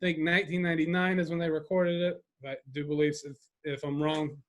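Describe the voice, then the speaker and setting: A man's voice: on the high side, level tone, quick pace. A young man co-hosting a podcast in laid-back casual chat, with lots of ums and easy laughs. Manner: laid-back, filler-heavy, laughs along. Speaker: podcast co-host.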